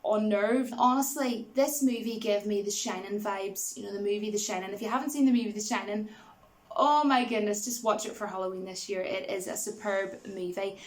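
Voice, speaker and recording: A woman's voice: medium pitch, fairly quick. Chatty woman rambling through a film review. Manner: rambling, many fillers like "you know" and "like"; laughs easily while retelling scenes. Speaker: movie reviewer. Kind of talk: casual spoken film review.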